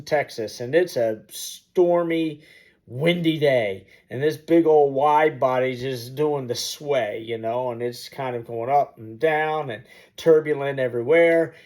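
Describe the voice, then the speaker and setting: A slightly high, slightly mellow voice unfolds without hurry as a motivational storyteller shares a personal anecdote on camera. He uses vivid sound effects throughout to inspire.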